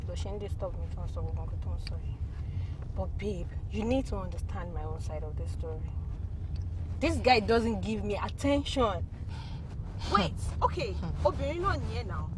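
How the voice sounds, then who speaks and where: Actress as a rich young nigerian woman, lonely, pleading and fed up, mid pitch. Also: background noise, close to an everyday voice. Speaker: wealthy young woman in a Nollywood drama. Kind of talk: film dialogue mixing English and Yoruba.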